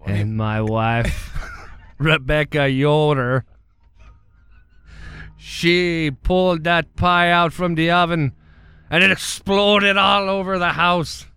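A man voicing a middle-aged Amish farmer who tells his story in a slow, low, matter-of-fact mumble. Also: steady tone, pushed and bright, smooth, dry recording, full character voice. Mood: deadpan.

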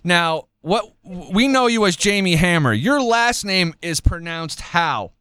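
A man's voice: high voice, animated, slow, sharp tone, smooth, no echo. A man hosting a radio show in casual chat, rambling and repeating words as he goes.

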